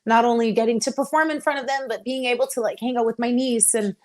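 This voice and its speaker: A woman's voice: fairly high pitch, fairly even intonation, quick pace, darkish tone. A young woman from Texas, a professional wrestler, talking openly and emotionally in a casual interview, laughing often. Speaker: interview guest, pro wrestler.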